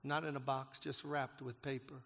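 Gravelly preacher in an echoing hall. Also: male voice, mid-range voice, flat delivery, normal speed. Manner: emotional, building to loud emphatic peaks. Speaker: pastor. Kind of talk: sermon storytelling. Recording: long hall reverb.

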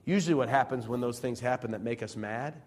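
A Central Illinois pastor preaches a sermon in church, his medium-pitched voice moving at a quick pace. He keeps it conversational, throws plenty of rhetorical questions at the congregation, and swings between loud emphasis and soft asides.

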